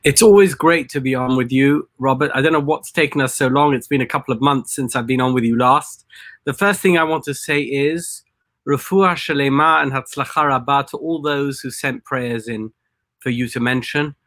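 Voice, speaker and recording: Measured rabbi guest, dry sound. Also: male voice, medium pitch, fairly even intonation, a bit bright, no room sound. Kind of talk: conversational commentary.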